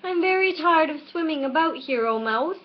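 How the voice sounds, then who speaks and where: Earnest, chatty storybook girl who rambles on with polite eagerness, as a woman reading voices her; bright and high, dull webcam sound. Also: animated, normal speed.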